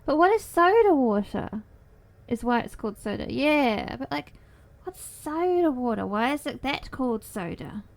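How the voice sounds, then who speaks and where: A woman's voice: high-pitched, very animated, moderate pace, creaky. A young woman livestreamer chatting casually with her viewers from her desk at home, playful and giggly, with cutesy baby-talk phrasing. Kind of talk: casual chat with stream viewers.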